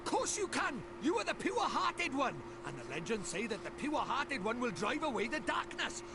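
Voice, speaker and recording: A man's voice: very high-pitched, very animated, moderate pace, over music, full character voice. An actor voicing a cheeky, chatty little male fairy sidekick with a Welsh accent, in video game dialogue, bossy and sing-song. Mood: eager. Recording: game audio with loud background noise.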